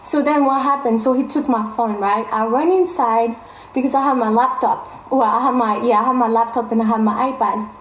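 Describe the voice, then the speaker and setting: A woman's voice: a little high, steady tone, brisk, slight background noise. A young adult woman vlogger telling her viewers a story in casual chat, emphatic and repeating phrases for stress. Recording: roomy echo.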